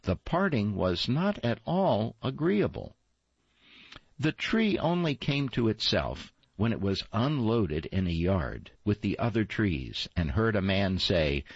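Male fairy-tale narrator, unhurried and husky, dull lo-fi recording. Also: on the low side, no room sound. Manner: slow, expressive storytelling. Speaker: storyteller. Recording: dull lo-fi, dry.

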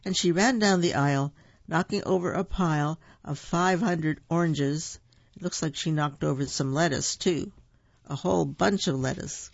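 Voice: mid-range voice, normal speed, gravelly, no room sound. A storyteller reading a children's picture book aloud, with playful asides, in a dull lo-fi recording.

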